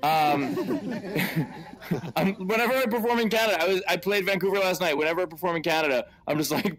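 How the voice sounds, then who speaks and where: An American stand-up comedian hosts a show from home in a virtual-reality venue, bantering into a headset mic. His voice sits high and fairly bright, and he's profane and self-mocking, tossing off quick asides.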